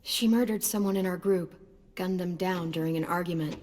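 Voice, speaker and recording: Actress for a steady, persuasive teen survivor leader, lowish voice. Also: female voice, fairly quick, over a noisy crowd, lightly acted. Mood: earnest, steady. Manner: calm, earnest, persuasive. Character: steady, protective teenage girl survivor leader.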